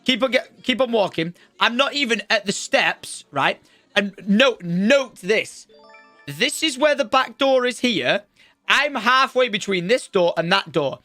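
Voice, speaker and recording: A man's voice: high voice, unhurried, dry recording, soft background music. A young man telling a stream audience a story about school, swearing freely and acting out the characters with plenty of energy. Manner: swearing, lively, acts out the teacher's shouting. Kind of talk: animated storytelling on a live stream. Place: home streaming room.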